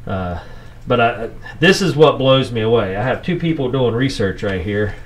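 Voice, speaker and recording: A man's voice: mid-range voice, expressive, normal speed, slight background noise. A man co-hosting a podcast in casual, joking chat, easily amused. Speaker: podcast co-host.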